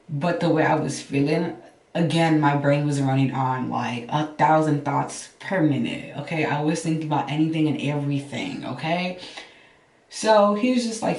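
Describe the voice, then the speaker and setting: A woman casually telling a storytime, animated and swearing freely, acting out what others said. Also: deep voice, moderate pace, echoey room, distant mic.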